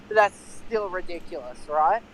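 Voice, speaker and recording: A man's voice: high-pitched, expressive, moderate pace, a bit bright, a little hiss or hum, rough recording. A man co-hosting a casual streamed chat, explaining things with many fillers. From Australia. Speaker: stream co-host.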